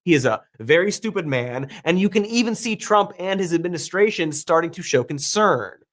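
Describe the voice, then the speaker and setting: A man's voice: high voice, lively intonation, moderate pace, fairly bright tone. Sarcastic male political commentator. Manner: sarcastic, dry mockery.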